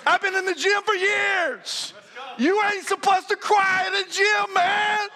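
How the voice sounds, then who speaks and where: Bright-voiced high-pitched preacher man in his fifties. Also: measured pace, gravelly, a faint crowd. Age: 50s. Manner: animated storytelling, often shouting with laughter. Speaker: pastor. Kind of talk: energetic sermon.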